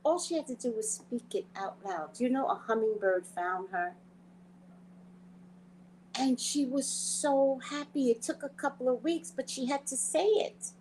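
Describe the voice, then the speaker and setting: A woman hosting a spiritual talk show, telling stories in a casual, animated way, often laughing and acting out her own thoughts. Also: high voice, unhurried, slight background noise, rough recording. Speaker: psychic reader and show host.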